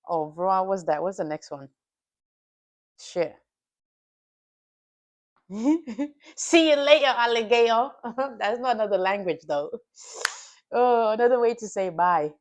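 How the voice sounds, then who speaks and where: A woman streaming live as a futures trader, chatting loosely with viewers, swearing freely, and talking herself through a review of her trading day. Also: mid-range voice. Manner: reflective, self-coaching. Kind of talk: casual livestream chat and trade review.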